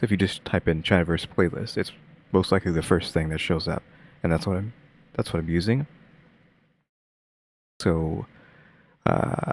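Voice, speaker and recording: A man's voice: low voice, creaky, a little mellow. A man streaming a reaction video, talking casually and rambling with lots of fillers and restarts. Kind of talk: casual commentary.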